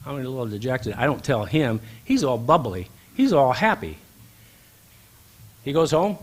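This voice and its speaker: A man's voice: mid-range voice, very animated, moderate pace. A man giving a speech at a banquet, telling an anecdote and acting out the dialogue. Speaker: banquet speaker. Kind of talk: storytelling speech. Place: event hall.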